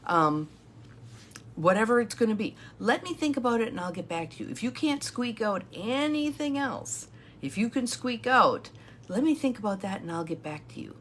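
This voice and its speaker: A woman's voice: fairly low pitch, a little hiss or hum. A middle-aged woman coaching viewers in a live talk, emphatic and repeating her key phrases. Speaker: intuitive guidance coach.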